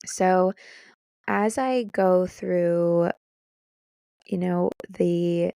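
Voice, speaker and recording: A young adult woman hosting her own podcast, talking alone in a casual way, excited and emotional, laughing and holding back tears. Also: on the low side, very slow, gravelly, smooth, dry recording, studio quality. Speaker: podcast host. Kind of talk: casual solo podcast monologue.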